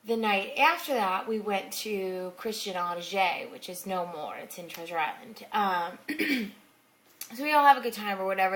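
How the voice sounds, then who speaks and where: A woman's voice: mid-range voice, a bit bright. A young woman telling a rambling personal story in a casual vlog, full of fillers and asides. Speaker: blogger telling personal stories.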